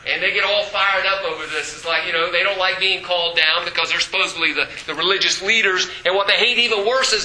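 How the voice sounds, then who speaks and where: A man preaching a sermon as pastor, animated, breaking into shouts and acted quotes. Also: high voice, fast talker, few pauses, echoey room, slight background noise, low-quality recording.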